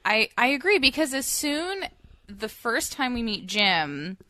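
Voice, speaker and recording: A woman's voice: on the high side, a little slow, dry recording. A woman co-hosting a casual film review chat, telling stories and acting out quoted dialogue as she goes. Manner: animated storytelling with quoted dialogue.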